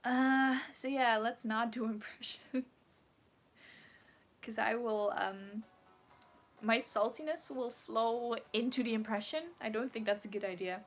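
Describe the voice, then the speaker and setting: A cosplayer woman chats casually on a livestream, reading comments aloud and answering them. She has a fairly high voice and keeps giggling as she rambles, with a playful, dramatic edge. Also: unhurried. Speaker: cosplayer streamer.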